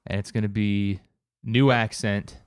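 A man co-hosting a podcast in casual chat, excitable and swearing freely. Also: on the low side, measured pace, clean tone, no echo, clean studio sound. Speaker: podcast co-host.

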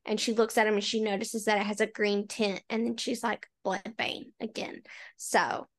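A woman's voice: medium pitch, little pitch movement, a little fast. A young woman co-hosting a book podcast, chatty and emphatic, with lots of "like" fillers. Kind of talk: casual chat.

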